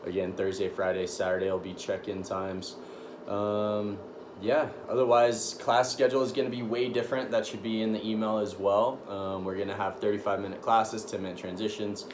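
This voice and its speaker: A man's voice: lowish voice, normal speed. A man giving casual, laid-back gym announcements in a dry manner. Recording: echoey room with steady noise.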